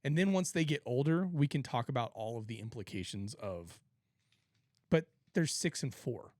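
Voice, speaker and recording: A man co-hosting a podcast in casual chat, explaining his views earnestly with quick joking remarks. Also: mid-range voice, expressive, a little mellow, no room sound, clean studio sound. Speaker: podcast co-host.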